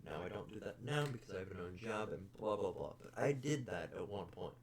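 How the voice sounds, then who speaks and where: This young podcast host speaks low-pitched, expressively, and a little fast, over slight background noise. His casual storytelling rant about customers is blunt, exasperated, and packed with swearing.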